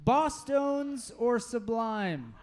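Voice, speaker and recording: High-pitched guy hosting a live pod on stage, jokey and laughing, crowd in the room. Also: lively intonation. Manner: joking, quick questions, laughs a lot. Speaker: podcast host. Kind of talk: live podcast Q&A with guests. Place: live music venue stage. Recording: live show with loud crowd.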